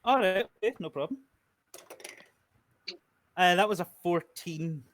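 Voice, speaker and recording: A man's voice: sits high, animated, a little slow, a bit bright. A man running a tabletop game as game master, in an easygoing, laid-back way.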